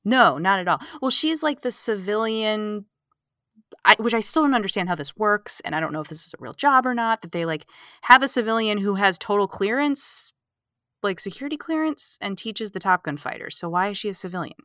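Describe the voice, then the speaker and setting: A woman co-hosting a casual movie podcast, recapping the plot in an animated, sarcastic way and acting out the characters' lines. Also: mid-range voice, brisk, dry recording, studio quality. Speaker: podcast co-host.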